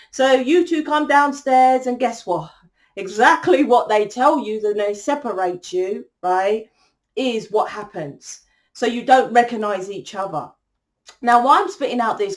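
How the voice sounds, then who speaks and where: A young woman talking straight to her viewers in a loose, rambling way. She circles back on her points and drops in casual swearing as she goes. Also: mid-range voice. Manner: rambling, chatty, swears freely. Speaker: spiritual channel host. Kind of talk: casual monologue.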